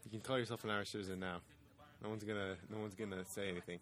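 Young male co-host, quick talker, stubborn deadpan teasing, college radio studio. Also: on the low side. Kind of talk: casual radio banter.

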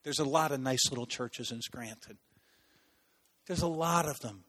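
A man preaching a sermon, telling stories in an animated way and acting out voices. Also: mid-range voice, normal speed, long reverb tail. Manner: animated, acts out voices and laughs at own stories. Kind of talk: sermon with storytelling.

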